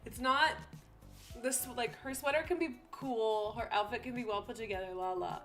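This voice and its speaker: A chatty young woman talks on her live stream, giggling often and slipping into other people's voices as she tells stories. Her voice sits a little high, with soft music playing quietly behind her. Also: normal speed. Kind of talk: casual chat on a live stream.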